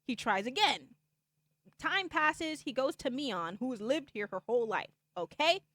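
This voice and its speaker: A woman's voice: high-pitched, big pitch swings, a little slow, fairly bright tone, dry recording, clean studio sound. A woman streamer casually recapping a game's story for viewers, rambling with lots of "like" and "okay?" and acting out the characters' lines. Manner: acts out characters' lines in the retelling.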